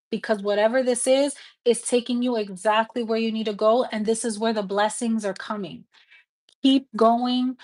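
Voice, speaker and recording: A woman giving a live tarot reading, talking to viewers in a casual, frank and encouraging way and swearing freely. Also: on the high side. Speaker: tarot reader.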